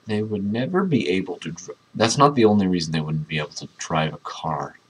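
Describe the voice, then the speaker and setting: Husky man reading aloud with sarcastic asides. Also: low voice, expressive, brisk. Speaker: reader commenting on a book. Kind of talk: casual dramatic reading with commentary.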